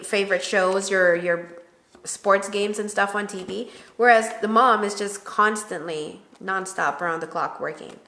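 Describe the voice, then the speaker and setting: A woman, a new mother, chatting casually to camera with her husband and acting out remembered conversations. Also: medium pitch. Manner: animated storyteller who acts out quoted dialogue. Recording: roomy echo.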